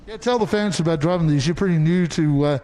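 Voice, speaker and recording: High-voiced, excitable trackside reporter man. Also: fast talker, big-room sound. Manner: enthusiastic, exclaiming. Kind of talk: post-race interviews. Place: outdoors at a race track.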